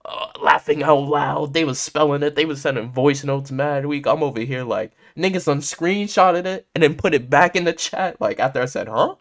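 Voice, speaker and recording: A man's voice: fairly high pitch, normal speed, few pauses. A young man hosting a podcast, casually telling a story in heavy slang and laughing often. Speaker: podcast host.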